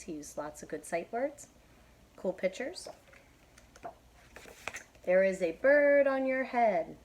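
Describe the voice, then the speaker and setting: A woman reading a picture book aloud to children, pausing to ask them questions and point out words. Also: on the low side. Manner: bright, encouraging, asks kids questions.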